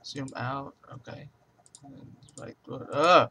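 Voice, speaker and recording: A man's voice: medium pitch, expressive, measured pace, pushed and bright, husky. A young man in his bedroom, testing a new webcam and talking to himself, cursing and easily startled. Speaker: vlogger. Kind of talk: casual rambling webcam vlog. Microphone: webcam microphone.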